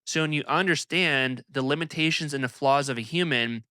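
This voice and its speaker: A young man hosts an investing channel and talks energetically and emphatically to camera. His voice is bright and crisp. It sounds close and dry. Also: on the high side, moderate pace, dry recording. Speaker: investing video host. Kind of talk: casual commentary to camera.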